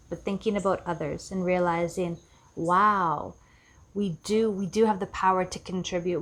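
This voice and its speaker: A woman life coach giving an earnest, reflective self-help talk, often repeating herself for emphasis. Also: lowish voice. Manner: earnest, repetitive, acts out quoted voices.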